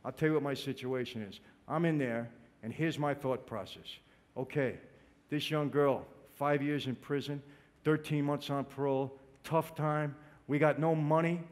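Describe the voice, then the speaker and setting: A man's voice: on the high side, moderate pace. A man giving an emotional religious testimony, speaking straight to his audience and calling them "people". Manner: emotional, direct, addresses listeners as "people".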